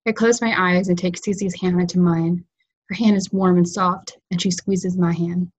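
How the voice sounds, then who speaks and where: A woman fiction writer reading her own story aloud in a calm, measured way over a video call. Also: fairly low pitch, husky, low-quality recording. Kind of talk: literary reading.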